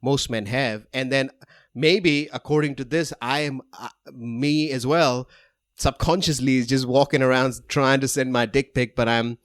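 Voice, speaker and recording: A man's voice: mid-range voice, steady tone, unhurried, no echo, studio quality. A young man co-hosting a casual podcast chat, joking and laughing between his words. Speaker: podcast co-host.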